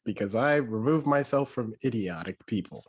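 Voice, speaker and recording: A young man co-hosting a podcast, chatting casually and throwing in quick wisecracks. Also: mid-range voice, expressive, slightly rough. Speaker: podcast co-host. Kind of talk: casual chat.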